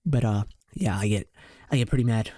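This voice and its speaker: A man's voice: on the low side, brisk, dark tone, dry recording. A young man in reaction commentary, ranting with exasperated, profane and slangy outbursts. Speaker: commentary host.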